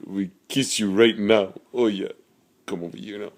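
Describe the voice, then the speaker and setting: A man's voice: fairly low pitch, fairly even intonation, moderate pace, close to an everyday voice. A man voicing an amorous male parrot who is a pushy Casanova, crooning and wheedling with pet names in a home pet video.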